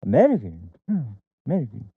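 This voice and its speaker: A man putting on the voice of a fussy male clerk at a service counter, high and clipped, over a tinny phone-like line. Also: huge pitch swings, fast, vocal fry, husky, dry recording, full character voice. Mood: mock-officious.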